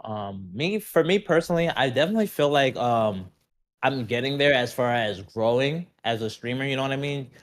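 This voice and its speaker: A man, a streamer guest on a casual podcast, talking in an animated, rambling way and often saying "you know what I mean". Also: mid-range voice, fairly quick.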